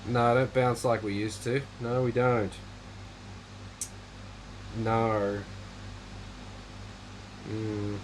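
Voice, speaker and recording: A man's voice: on the low side, flat delivery, drawn-out words, long pauses, slight background noise, rough recording. A man hosting a casual livestream chat, rambling in a dry, offhand way while reading viewer comments. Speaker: livestream host.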